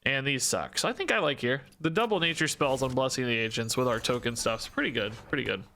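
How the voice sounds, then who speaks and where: A man's voice: medium pitch, fast, creaky, bright, forceful tone. A man streaming a card game, thinking aloud, questioning himself and joking between plays. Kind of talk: live-stream gameplay commentary.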